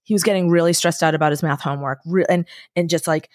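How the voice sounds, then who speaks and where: A woman in her forties talking as a podcast guest, telling candid stories with lively acted-out quotes and casual swearing. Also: low-pitched, quick pace, no echo, studio quality. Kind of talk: candid conversational storytelling.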